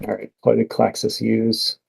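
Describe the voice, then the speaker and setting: Gravelly young man, grumbling casually. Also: lowish voice, completely flat delivery, normal speed, low-quality recording. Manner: frustrated, swearing over mistakes. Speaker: co-player on a voice call. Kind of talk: casual gaming chat.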